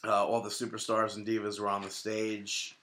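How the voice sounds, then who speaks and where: A man's voice: lowish voice, monotone, normal speed, a bit bright. A man co-hosting a wrestling podcast, chatting casually with a wry, teasing manner. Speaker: podcast co-host.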